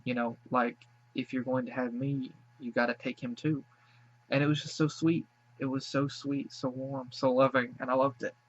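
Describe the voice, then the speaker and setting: Teary guy rambling and gushing about a cartoon short, average pitch, kinda muffled audio. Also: level tone, moderate pace. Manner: emotional, gushing, repeats thanks, tearful after crying. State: teary after crying. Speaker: reaction video host. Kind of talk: casual reaction commentary.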